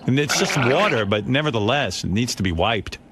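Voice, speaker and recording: A man's voice: mid-range voice, animated, a little fast, heavy background noise. A man hosting a radio show and telling a rambling, self-mocking story in casual chat.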